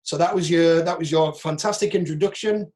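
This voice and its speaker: A man with a Northeast English accent teaches over a video call, his voice sitting a touch higher than most men's. He talks frankly and casually, with plenty of asides as he critiques each clip. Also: fairly quick, darkish tone. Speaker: acting agent and workshop teacher. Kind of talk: online workshop talk.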